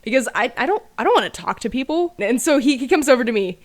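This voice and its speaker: A woman's voice: sits high, lively intonation, fast. A woman telling a casual story about her childhood with dry, self-mocking humor. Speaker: storyteller over gameplay.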